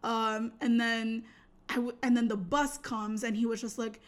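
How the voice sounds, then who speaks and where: This young woman's voice sits a bit high. She tells her story in loose, slangy chat and plays out the voices of everyone she quotes, and her delivery stays lively throughout. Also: moderate pace.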